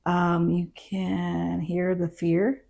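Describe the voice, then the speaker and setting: In a muffled recording, a woman with a lowish, warm, creaky voice speaks very slowly and in a monotone. She's a middle-aged former constable interviewed as a guest, casually retelling events and acting out others' remarks as quoted dialogue.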